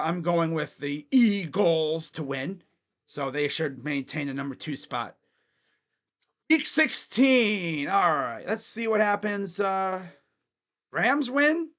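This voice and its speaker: A man's voice: sits high, very animated, slow pace, pauses often, fairly bright tone. A man hosting a casual sports fan livestream, rambling loosely and talking to his chat.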